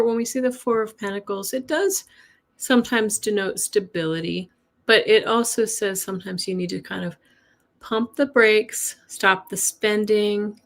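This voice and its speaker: A woman hosting a live-streamed weekly tarot reading from home, chatting casually, laughing often and greeting viewers by name. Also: medium pitch. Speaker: tarot reader. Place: home with a cat nearby.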